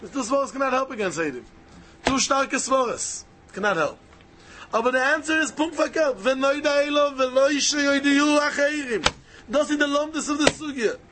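A man's voice: very high-pitched, lively intonation, brisk, noisy background. A man teaching a Talmud lesson, arguing both sides of the question aloud and hammering points home through repetition.

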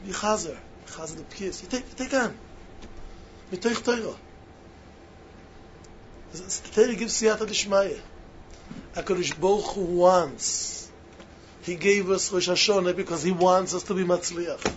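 A man with giving a sermon-style talk to yeshiva students, emphatic and repetitive, swinging between loud stresses and hushed asides, on a muffled lo-fi recording. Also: high-pitched, a little slow, long pauses. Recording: muffled lo-fi recording with faint hiss.

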